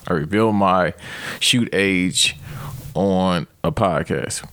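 Casting note: man in his thirties, lowish voice, dry close podcast mic, rambling profane comedy rant. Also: takes it slowly, dry recording. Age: 30s. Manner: profane, rambling, animated outbursts. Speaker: podcast host.

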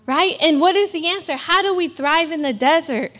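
A woman's voice: very high-pitched, moderate pace, few pauses, fairly bright tone. A young woman from California preaching a sermon at a church service, earnest and emphatic with self-deprecating asides. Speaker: guest preacher.

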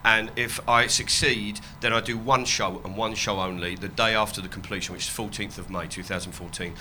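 A man with a crisp, bright tone talks in a loose, rambling way. He laughs often, swears freely and drops his voice low when quoting other people. Faint ambient sound sits behind him. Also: steady tone, brisk, a little hiss or hum. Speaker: comedian and activist guest. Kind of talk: casual chat.

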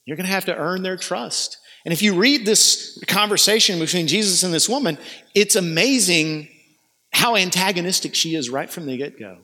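A man's voice: high-pitched, moderate pace, sharp tone. A male pastor preaching a sermon in an earnest, urging way, with conversational asides. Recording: long hall reverb.

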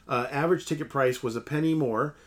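Male podcast co-host, mid-pitched, chatty, runs through numbers. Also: brisk. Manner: reads out listener comments and box office figures. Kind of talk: casual podcast chat.

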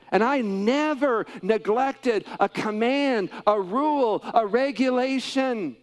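A preacher putting on a bitter older brother, a grown man airing his grievance in a raised, high-pitched voice. He piles up his complaints with rising emphasis. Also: exaggerated voice.

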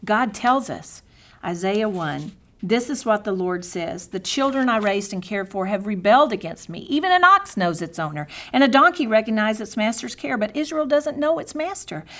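A middle-aged woman giving a devotional Bible teaching in an earnest manner, dropping to soft, near-whispered tones for prayers and scripture. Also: mid-range voice, lively intonation, moderate pace.

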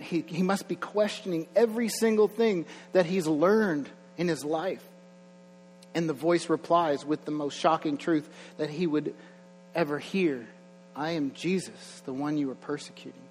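A young man preaching a sermon in a church, conversational, with chuckling asides and rising energy. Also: on the high side. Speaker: pastor. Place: church sanctuary. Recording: long hall reverb, faint mains hum.

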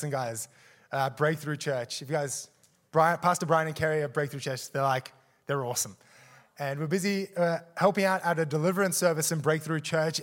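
Animated high-voiced man preaching a sermon. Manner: animated, acts out quotes with gasps and laughs. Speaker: guest preacher. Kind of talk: sermon storytelling. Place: church service.

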